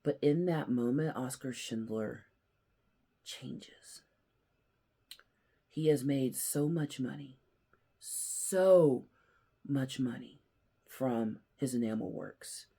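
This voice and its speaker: A man with a gravelly, husky voice talks through a story in a casual commentary. He leans hard on some lines and drops to a hush on others. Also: mid-range voice, takes it slowly, pauses often. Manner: earnest storyteller, swings between loud emphasis and hushed near-whispers. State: emotional, near tears. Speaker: host.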